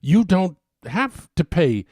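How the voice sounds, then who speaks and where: A man's voice: high voice, big pitch swings, slow pace, a little mellow, dry recording, studio quality. A man giving a persuasive talk as an advocate, emphatic and getting worked up as he speaks.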